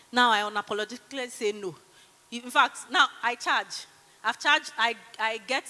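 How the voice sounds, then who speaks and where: A woman's voice: medium pitch, big-room sound. A Nigerian woman in her thirties giving a chatty motivational conference talk and leading a breathing exercise. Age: 30s. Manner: lively, chatty, teasing the audience. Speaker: conference speaker. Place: large conference hall.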